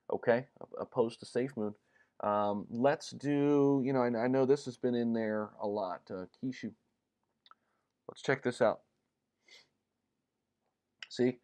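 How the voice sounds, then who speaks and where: A man's voice: medium pitch, a little mellow. Man, livestream host, casual, upbeat, chatty, lots of fillers. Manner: chatty, upbeat, greets viewers by name; frequent ums and uhs.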